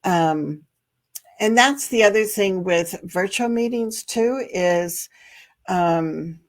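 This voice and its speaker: A woman's voice: mid-range voice, slow pace. A middle-aged woman hosting a live advice show, answering viewer comments in a chatty, practical way with fillers and light laughs. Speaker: special education advocate and host.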